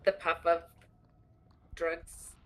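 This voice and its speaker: A woman's voice: fairly low pitch, flat delivery, very slow, rough recording. A woman playing a tabletop game, asking tentative questions. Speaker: player. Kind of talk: casual tabletop play.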